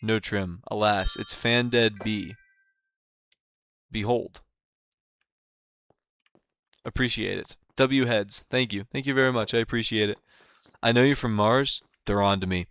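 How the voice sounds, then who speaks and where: A man's voice: fairly low pitch, measured pace, pauses often, fairly bright tone, clear, resonant tone, no echo. A young man chatting casually on a livestream, rambling with lots of fillers and restarts. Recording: dull lo-fi sound with faint music behind.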